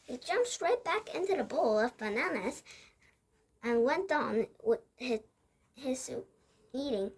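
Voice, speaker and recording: High, lively woman reading aloud. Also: breathy edge. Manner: halting reading with frequent restarts.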